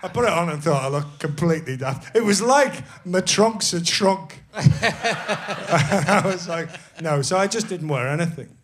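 A man's voice: sits high, lively intonation, a little slow. A man telling a self-deprecating story as a guest on a live comedy podcast, laughing often. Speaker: actor guest.

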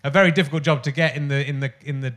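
A man's voice: a little high, steady tone, racing, a bit bright. A man hosting a talk show interview, rambling through his questions with many restarts and frequent laughter. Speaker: podcast host. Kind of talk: interview chat.

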